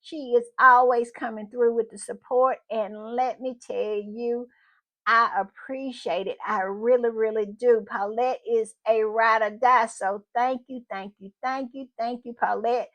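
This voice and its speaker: A woman's voice: on the high side, fairly even intonation, dull audio. A woman hosting her own channel in a casual chat, effusive and repetitive as she thanks supporters. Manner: effusive, repeats thanks, drawn-out emphatic phrasing. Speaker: channel host.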